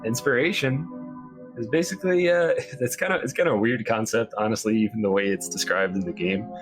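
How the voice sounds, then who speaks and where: A man running a tabletop game as game master, narrating and explaining rules in a relaxed, encouraging way. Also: mid-range voice, brisk, over music.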